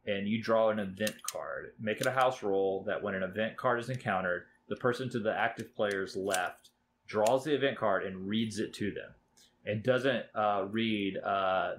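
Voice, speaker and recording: A man with a fairly low, slightly bright voice hosts a casual board game podcast, talking enthusiastically. He rambles and uses plenty of fillers, with slight background noise in the recording.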